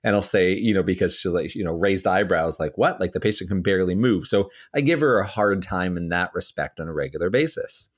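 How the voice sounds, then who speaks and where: A man co-hosting a podcast, telling a work story in a relaxed, rambling way. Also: low-pitched, a little fast, few pauses. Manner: relaxed, rambling, many fillers and restarts. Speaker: physiotherapist podcast co-host.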